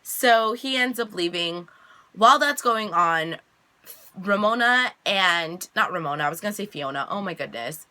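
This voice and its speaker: A chatty young woman recapping a TV episode in a relaxed, casual way. Her voice is bright and forward, and it leaps up in pitch whenever she acts out the characters' lines. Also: moderate pace. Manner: chatty, animated quoting with big pitch jumps. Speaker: reaction vlogger recapping an episode.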